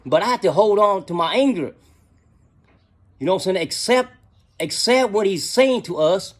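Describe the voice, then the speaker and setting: A man's voice: high-pitched, expressive, normal speed. A middle-aged man telling a casual story in slangy talk, often adding "you know what I'm saying".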